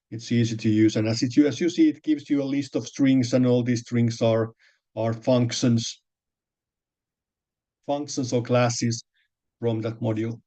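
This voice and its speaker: A man's voice: medium pitch, dark tone. A man teaching a programming lesson, explaining step by step with many fillers and restarts. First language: Finnish. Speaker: programming lecturer. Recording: dull lo-fi lecture recording.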